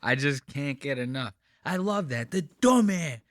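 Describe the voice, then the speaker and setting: A man hosting a podcast, reacting to clips in casual commentary, excitable and swearing freely. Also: mid-range voice, measured pace. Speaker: podcast host.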